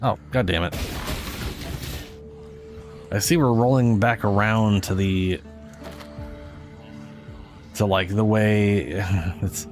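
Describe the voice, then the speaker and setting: Male streamer, lower voice, swears freely, rambling gaming commentary. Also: fairly even intonation, slow pace, pauses often, faint music behind. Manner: profane, ranting, self-correcting. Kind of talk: casual gameplay commentary.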